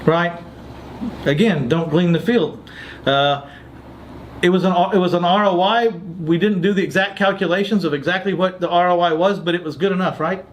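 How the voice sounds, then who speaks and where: A podcast host with a high voice talks at normal speed, telling a story in a casual chat. He's an animated storyteller who acts out other people's lines and quotes their dialogue.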